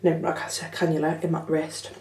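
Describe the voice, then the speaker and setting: A woman's voice: sits low, flat delivery, quick pace, a little mellow. A young woman telling her story in a chatty, frank vlog, swearing casually. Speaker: vlogger. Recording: echoey room, slightly far from mic.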